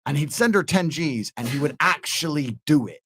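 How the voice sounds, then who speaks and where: A man in his thirties with a fairly high voice tells a story at a lively clip, swearing casually and slipping into the voices of the people he describes. The sound is dry and close, with no room around it. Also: moderate pace, slightly rough, no echo. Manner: acts out quoted voices, swears freely. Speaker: podcast guest. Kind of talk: animated storytelling.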